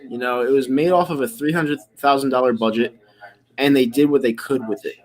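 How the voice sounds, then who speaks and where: A laid-back man chatting on a live stream, rambling from one thought to the next. His voice sits at an ordinary pitch and he laughs easily. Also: fairly even intonation, a little fast, a little mellow. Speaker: stream host. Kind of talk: casual live reaction stream chat.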